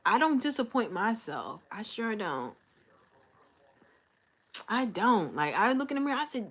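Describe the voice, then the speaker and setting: A woman's voice: sits high, big pitch swings, moderate pace, fairly bright tone. A young woman hosting a casual livestream, talking candidly and venting in a loose, conversational way. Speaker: livestream host. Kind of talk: casual live-stream chat.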